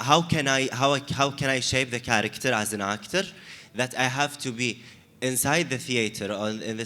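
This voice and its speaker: A man speaks on a discussion panel in halting, restarting English and stresses his points hard. His voice sits in a middle register. Long reverb from a large hall trails each phrase. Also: mid-range voice, pushed and bright. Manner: hesitant, many restarts, emphatic. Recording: echoey hall.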